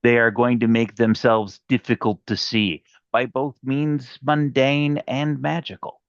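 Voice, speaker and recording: A man's voice: mid-range voice, level tone, dry recording, lightly acted. A man voicing Lois, a poised noblewoman viceroy. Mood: earnest, measured. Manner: measured, deliberate debating delivery. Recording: dull lo-fi mic.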